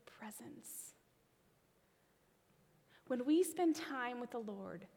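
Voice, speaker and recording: Woman preacher, high bright voice, expressive delivery that sinks to near-whispers; long echo of a big sanctuary. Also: drawn-out words, vocal fry, pauses often. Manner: expressive, trailing phrase ends into a whisper. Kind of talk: sermon with a personal story.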